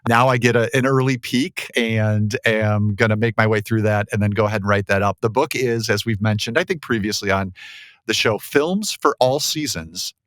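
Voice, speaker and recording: A man hosting a podcast discussion, talking casually with many fillers and lively, self-deprecating asides. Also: on the low side, normal speed, no echo. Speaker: podcast host.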